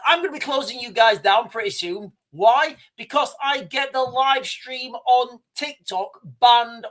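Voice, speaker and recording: A man hosting a livestream, giving impassioned, halting commentary with restarts and blunt swearing. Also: sits high, a bit bright. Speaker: livestream host. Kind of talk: emotional live commentary.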